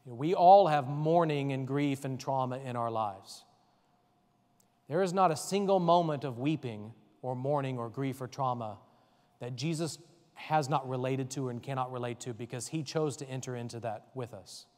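A man's voice: mid-range voice, normal speed, darkish tone, long reverb tail. A man serving as a deacon, teaching a faith formation class in an earnest, conversational way and often checking in with his listeners.

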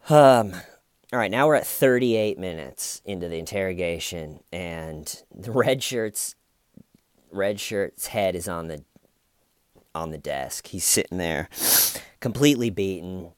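A man's voice: low voice, measured pace, smooth, no room sound, studio quality. A man casually commenting on a true crime case in a chatty, sarcastic, rambling way.

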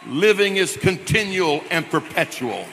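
A middle-aged man preaching a Pentecostal sermon with emphatic delivery that swells into shouts. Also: high voice, lively intonation, measured pace, vocal fry, a faint crowd, slight background noise. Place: church sanctuary. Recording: long church reverb.

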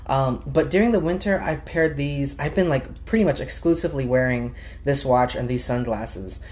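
A young watch vlogger casually shows off a watch and accessories, chatty and gushing with lots of fillers. His voice is medium-pitched and somewhat dark, at a normal speed.

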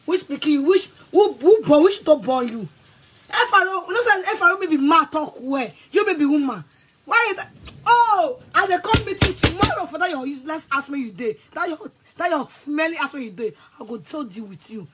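A woman with a Nigerian accent, ranting angrily and scolding someone in bursts of shouting and threats. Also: sits high, animated, brisk, low-quality recording. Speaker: vlogger. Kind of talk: angry rant to camera.

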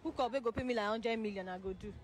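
A woman's voice: on the high side, rapid-fire. A young woman with a Nigerian accent answering a street interviewer, bold and bargaining in Pidgin.

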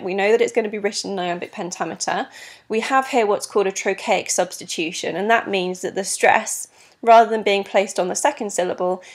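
A woman teacher giving a recorded lesson on poetry, talking clearly and patiently with frequent ums and tapping out rhythm aloud. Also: medium pitch.

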